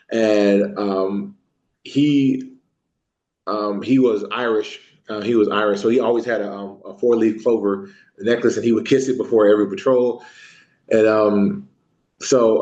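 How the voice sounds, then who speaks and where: A man, an Army veteran, recalling his service in an oral history interview, halting with frequent ums and restarts. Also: lowish voice, darkish tone. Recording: echoey room, dull lo-fi sound.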